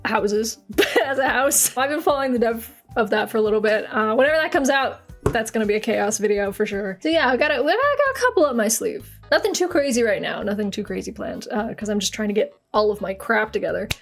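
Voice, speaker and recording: A woman's voice: medium pitch, fast, faint music behind. A young woman hosting a casual question-and-answer chat to camera, bubbly and self-mocking, laughing often. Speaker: YouTuber host.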